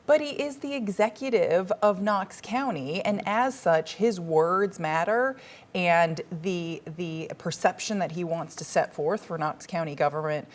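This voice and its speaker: A woman pundit on a televised political panel with a slightly low voice. She states her view firmly and drives her points home with a string of rhetorical questions. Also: a little slow. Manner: firm, piles up rhetorical questions. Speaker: political commentator.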